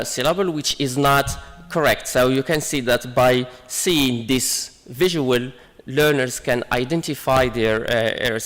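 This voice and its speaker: A man's voice: mid-range voice, fairly bright tone, long reverb tail. A man giving an academic conference presentation, hesitant with many fillers and restarts. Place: conference hall.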